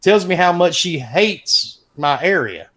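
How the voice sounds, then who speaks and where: A middle-aged man, casually telling a profane, animated story as a podcast host. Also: high-pitched, slow. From American South.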